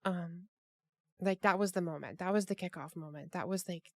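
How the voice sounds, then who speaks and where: A woman's voice: on the low side, fairly quick, darkish tone. A woman hosting a casual group chat over a call, rambling with many restarts and fillers. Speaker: podcast host.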